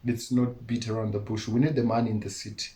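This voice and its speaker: A Malawian musician, appearing as a guest in a casual interview, talks earnestly in his Malawian accent and often breaks into laughter. His voice is lowish and mellow, his delivery flat, and he talks fast.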